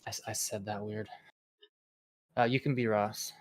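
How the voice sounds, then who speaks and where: Mid-pitched streamer, casual chat, stammering, swearing, mock anchor reading. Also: fairly even intonation, moderate pace, slight background noise.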